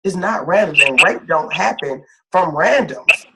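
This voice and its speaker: Brief: higher-pitched male life coach, emphatic and repetitive, heavy background noise with clicks. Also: expressive, a little slow. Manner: emphatic, repeats phrases for stress. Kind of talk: supportive one-on-one talk.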